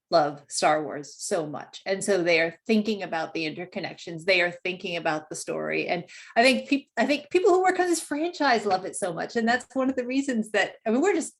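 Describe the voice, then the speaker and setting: A woman game producer chatting on a virtual panel, animated and full of restarts, heard over a video call. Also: mid-range voice. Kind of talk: casual panel chat.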